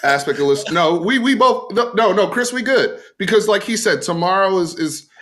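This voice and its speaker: A man's voice: high voice, expressive, moderate pace, a bit bright, slight background noise. A man co-hosting a sports podcast, arguing insistently and repeating his questions to corner his opponent. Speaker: co-host and college football fan. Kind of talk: heated sports podcast debate.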